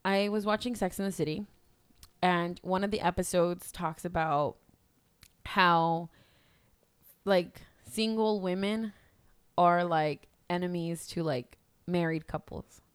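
A woman's voice: fairly low pitch, fairly even intonation, slow pace, clear, resonant tone. A young woman chatting on a podcast, mixing Spanish into English and swearing casually. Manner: laughs easily, swears, mixes Spanish into English. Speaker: podcast co-host. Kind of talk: casual chat.

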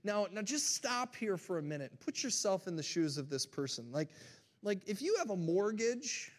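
High-voiced pastor preaching with animated storytelling. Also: male voice, moderate pace. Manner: animated storytelling, talks straight to the congregation. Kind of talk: sermon.

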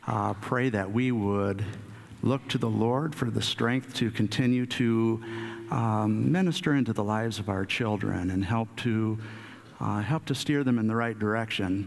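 A man preaching a sermon in an unhurried way, with frequent fillers and restarts. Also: fairly low pitch, creaky. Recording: long hall reverb.

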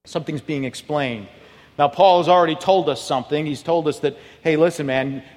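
A male pastor preaching a sermon, telling stories with animated delivery that climbs toward near shouting. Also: on the high side, fairly quick, in a large hall. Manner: animated storytelling, rises to near shouting at climaxes. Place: church hall.

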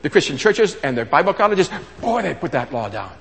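A man preaching a sermon with a fairly high, very lively voice that rises and falls widely. He teaches in a conversational way, stopping to ask rhetorical questions and restarting phrases. His voice carries a long reverb from a big hall. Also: brisk, vocal fry.

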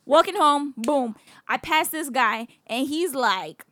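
A woman's voice: sits high, unhurried, pushed and bright, no room sound, studio quality. A young woman in her twenties, a podcast co-host telling stories in casual chat, slangy and laughing often.

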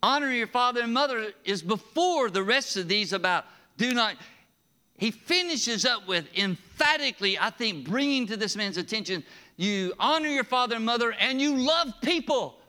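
A man preaching a sermon in a conversational, animated way, with rising emphasis and frequent chuckles. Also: very high-pitched, normal speed. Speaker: pastor.

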